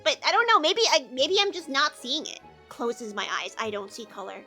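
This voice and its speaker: A woman's voice: high-pitched, very animated, moderate pace, over loud music. A woman from the American Midwest with a Midwestern accent, chatting casually on a live stream and answering viewer comments with lots of fillers.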